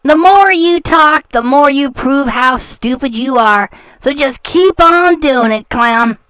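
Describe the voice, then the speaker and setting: A woman's voice: high-pitched, slow, a bit bright, no echo. A woman hosting a reaction channel, ranting in a sarcastic, taunting way and repeating words for scorn. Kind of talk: ranting commentary.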